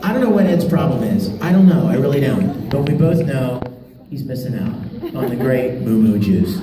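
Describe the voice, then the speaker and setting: A man telling stories to fans as a convention panel guest, animated and laughing as he talks. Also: medium pitch, moderate pace. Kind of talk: storytelling to a live audience. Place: large convention hall. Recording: echoey hall, far mic, crowd noise.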